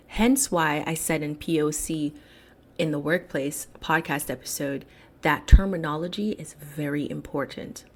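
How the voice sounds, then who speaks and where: A woman hosting a solo podcast, speaking in an emphatic commentary style and slowing down to stress key words. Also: fairly low pitch. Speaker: podcast host.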